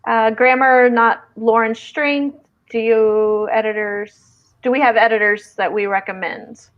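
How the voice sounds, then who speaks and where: A woman with a Midwestern twang hosts a casual writing stream, her voice sitting a touch higher than most. She chats easily and reads viewer comments aloud. The audio comes through a video call and sounds lo-fi and dull. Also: fairly even intonation, unhurried. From Southern Indiana, US. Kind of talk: casual live-stream chat.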